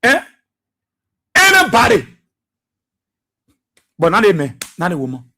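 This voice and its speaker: Give me a man hosting a radio talk show. His voice sits very high and comes out husky and breathy. He delivers fiery political commentary and hammers his points home by repeating phrases. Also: huge pitch swings, unhurried, bright, forceful tone. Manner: preachy, impassioned, repeats phrases for emphasis.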